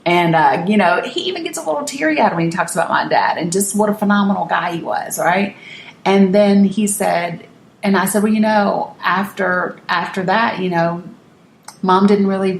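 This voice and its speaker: A woman's voice: mid-range voice, normal speed, gravelly, roomy sound, slight background noise. A woman from Northeast Tennessee telling a personal family story to camera, candid and emphatic, often restarting her sentences. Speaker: vlogger.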